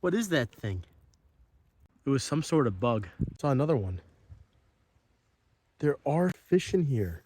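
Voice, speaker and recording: A man hosting a fishkeeping vlog, chatting casually and excitedly to his viewers with rambling asides. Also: medium pitch, measured pace, long pauses, dry recording. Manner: rambling with fillers. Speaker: fishkeeping channel host.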